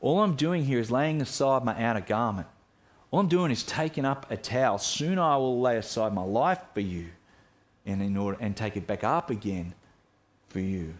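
A man's voice: mid-range voice, expressive, normal speed. A man preaching a sermon as pastor, earnest and reflective, often restarting his phrases.

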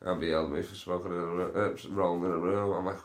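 A man's voice: low-pitched, fairly even intonation, quick pace. A young man, stoned and hosting a casual solo podcast, rambling through sweary, laughing stories. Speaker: podcast host. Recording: roomy echo.

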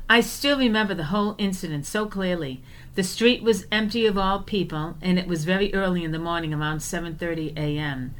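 A woman's voice: fairly low pitch, a bit bright. Woman telling a vivid personal story. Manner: earnest, vivid, often slow and deliberate. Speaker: podcast co-host.

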